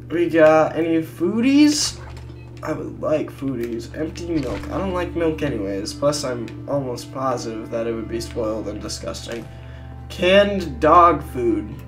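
A gamer giving casual, crude, joking commentary while playing, often bursting into loud laughter. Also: medium pitch, lively intonation, moderate pace, soft background music. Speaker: let's play gamer.

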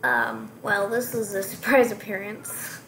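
A young female gamer giving playful, joking commentary while she plays, with sudden excited outbursts. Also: medium pitch, unhurried, a little hiss or hum. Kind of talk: casual gameplay commentary.

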